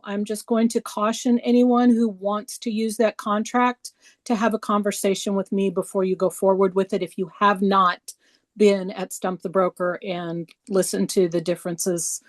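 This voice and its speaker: A woman's voice: mid-range voice, flat delivery, moderate pace, no room sound. A woman broker giving a direct, cautionary update at a team meeting over a video call.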